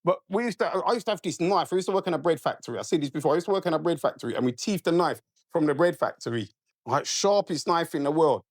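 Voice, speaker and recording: A man's voice: a little high, fast talker, no echo, studio quality. Profane man telling a story. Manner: animated, profane, keeps asking "right?". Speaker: podcast guest. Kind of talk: casual storytelling.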